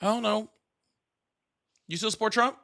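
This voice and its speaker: High bright-voiced man joking on a livestream. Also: a little slow, gravelly. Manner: joking, teasing, laughs often. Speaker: livestream co-host. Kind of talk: casual livestream chat.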